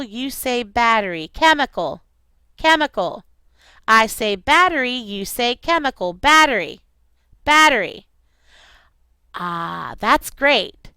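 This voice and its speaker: A woman's voice: a little high, a bit bright, clear, resonant tone, no room sound. A middle-aged woman teacher recording a lesson for children, leading call-and-response chants. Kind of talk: recorded classroom lesson for kids.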